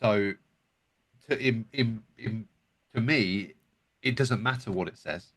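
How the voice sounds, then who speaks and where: A man's voice: on the low side, slow, fairly bright tone, breathy edge. Hesitant man, stumbling over words. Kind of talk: casual conversation.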